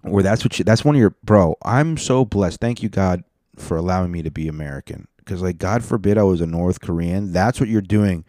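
Deep-voiced sardonic man commenting on videos. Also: brisk, dark tone, no echo. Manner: sardonic, profane, mocking. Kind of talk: casual reaction commentary.

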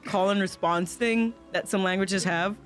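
A tabletop game master at a middling pitch, narrating in a loose, rambling way. The talk is full of fillers and restarts. Soft music plays faintly behind. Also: steady tone, normal speed.

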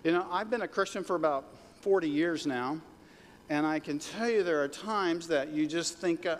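Brief: middle-aged male pastor, lively and joking, leads call-and-response, slightly high voice, long hall echo. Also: normal speed. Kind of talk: sermon. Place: church hall. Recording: reverberant hall with faint noise.

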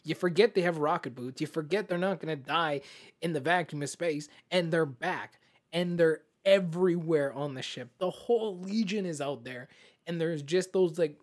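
A man co-hosting a casual film podcast, excitable and animated, often acting out scenes as he talks. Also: fairly high pitch. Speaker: podcast co-host. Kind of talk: casual film review chat.

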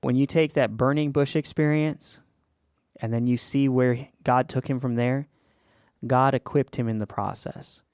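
A man's voice: medium pitch, steady tone, measured pace, a little mellow, clear, resonant tone, dry recording, studio quality. A man hosting a faith podcast for small business owners, telling stories in an earnest, encouraging way. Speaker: podcast host. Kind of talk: casual faith podcast chat.

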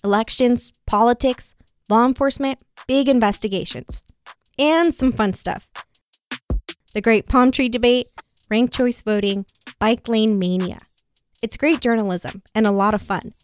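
A woman with a fairly high voice reads an upbeat, scripted podcast promo. A faint drum-machine beat plays under her voice. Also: measured pace, clear, resonant tone, faint music behind. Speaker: podcast host reading a promo.

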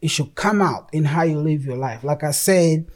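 Preacher with halting, repeated restarts. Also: mid-range voice, darkish tone. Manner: emphatic, repeats words while restarting sentences; reads passages aloud from an article and scripture. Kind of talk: sermon.

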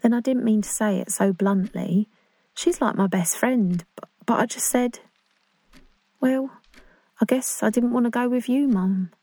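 A woman's voice: a little high, measured pace, long pauses, mellow, no room sound. An actress playing an earnest, awkward young woman in love. She speaks in a chatty, confiding, self-conscious English voice in a dramatic monologue. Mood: hurt.

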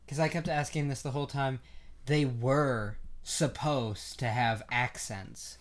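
A podcast co-host in casual chat, talking in an animated way and laughing a lot. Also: mid-range voice, a little slow. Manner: chatty, laughs a lot, tells stories animatedly.

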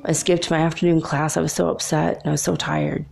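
A woman's voice: low-pitched, fairly even intonation, a little fast, vocal fry, darkish tone. A young adult woman telling a personal story in a casual, chatty way, laughing often between remarks.

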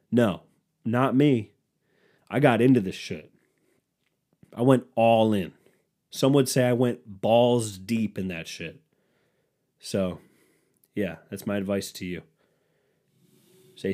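A man's voice: on the low side, measured pace, pauses often, dark tone. A man hosting a casual solo podcast. He rants in a profane, sarcastic way and mocks other people by quoting them. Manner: profane, sarcastic ranting with mock quotes. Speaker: podcast host.

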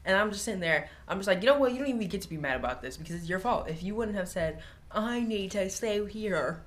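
A woman's voice: on the low side, racing. Woman steadily retelling a TV episode. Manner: steady plot narrator, blunt asides. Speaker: podcast co-host. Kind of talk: casual TV recap chat.

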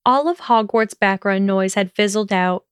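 A woman narrating a story in a steady, even storytelling manner. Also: medium pitch, normal speed, clean tone, no room sound, studio quality. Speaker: audiobook narrator. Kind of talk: scripted narration of fan fiction.

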